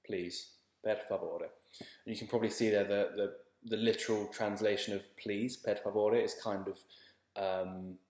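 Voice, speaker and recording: A man teaching beginners in a relaxed, chatty and reassuring way, often repeating his words. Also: lowish voice, reverberant. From England. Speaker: language teacher. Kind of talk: casual spoken lesson.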